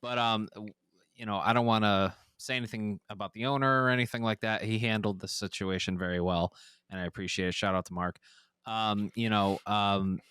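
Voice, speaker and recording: A fairly low-pitched man talks in a bright, smooth, resonant voice, recorded dry and close. He tells his story loosely, with lots of fillers and frequent swearing. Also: steady tone, fairly quick, no echo. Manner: rambling, profane, many fillers. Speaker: podcast guest, musician. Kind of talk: casual storytelling.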